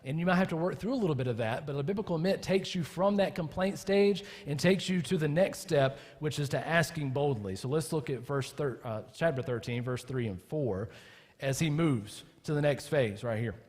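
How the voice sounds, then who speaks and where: A man's voice: fairly high pitch, moderate pace, a little mellow, long reverb tail. A man preaching a sermon as pastor, talking casually with his congregation and building to impassioned emphasis. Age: adult with children. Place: church.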